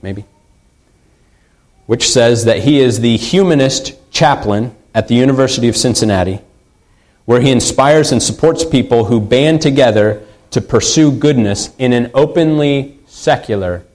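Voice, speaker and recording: A man's voice: medium pitch, darkish tone, poor audio. A man preaching a sermon in an earnest way, repeating key phrases for emphasis. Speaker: pastor.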